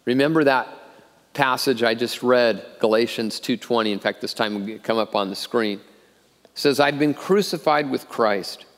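Middle-aged male pastor, earnest sermon delivery, mid-pitched voice, church hall with long reverb. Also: steady tone, normal speed, fairly bright tone. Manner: earnest, repeats words when starting phrases. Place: church auditorium.

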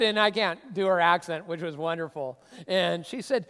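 A man preaching a sermon as a pastor, conversational and emphatic, with sudden bursts of excitement. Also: high voice, normal speed, few pauses. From Seattle area. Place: church sanctuary. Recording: long reverb of a church hall.

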